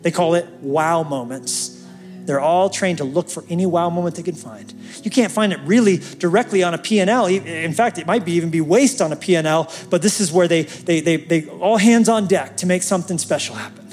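Guy preaching a sermon, kinda higher voice, faint music under it. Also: a little fast, a little mellow. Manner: storytelling, building to fervent calls. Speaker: pastor.

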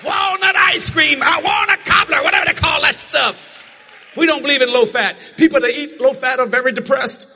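An older man from the American South preaching a sermon, telling folksy family stories with frequent shouting and laughter. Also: very high voice, brisk, long reverb tail, a faint crowd, a little hiss or hum.

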